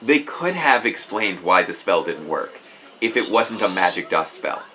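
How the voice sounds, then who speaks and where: A man's voice: low voice, big pitch swings, measured pace, bright, forceful tone, low-quality recording. A man hosting a casual live stream, chatting with enthusiasm and often restarting his sentences. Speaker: host.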